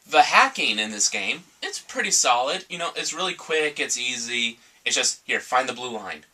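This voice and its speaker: Male co-reviewer, blunt and profane, mid-pitched and bright, picked up from across the room. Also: sing-song, normal speed. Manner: blunt and profane, mock-quotes in a sarcastic voice. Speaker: game reviewer. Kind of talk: casual review chat. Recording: voice from far off the mic.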